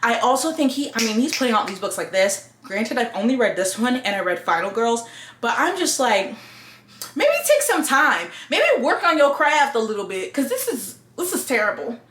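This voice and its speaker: A woman's voice: fairly high pitch, normal speed. Blunt book-vlogging woman in an echoey room. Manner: blunt and expressive, swears casually. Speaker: book reviewer. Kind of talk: casual review chat.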